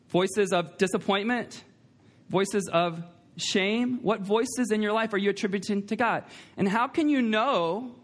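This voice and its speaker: A man with a high voice preaching a sermon in a church. He speaks emphatically, repeats his key lines and puts questions to the congregation. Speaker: pastor. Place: church sanctuary.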